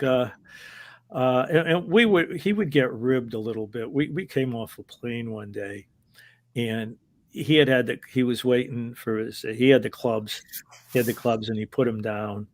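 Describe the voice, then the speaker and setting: A man's voice: medium pitch, measured pace. Rambling, chuckling male storyteller. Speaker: former wrestling referee, guest. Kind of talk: casual anecdotal storytelling.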